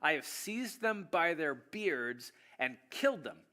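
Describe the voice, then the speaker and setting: A man's voice: on the high side, sing-song, slow pace, bright, forceful tone, exaggerated voice. A man voicing a bold young male shepherd who talks confident smack to a giant. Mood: determined.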